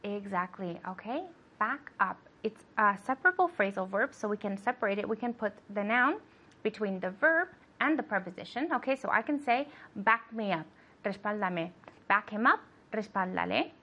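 A woman's voice: mid-range voice, animated, moderate pace, bright, forceful tone. A woman teaching English, giving sentences to translate and encouraging her student with frequent okays. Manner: patient, encouraging, says "okay" often. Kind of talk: bilingual language lesson.

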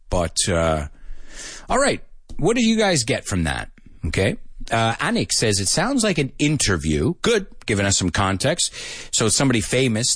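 A man hosting a casual live English lesson, animated and chatty, slipping between English and Spanish phrases and laughing often. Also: medium pitch, husky, no room sound, studio quality.

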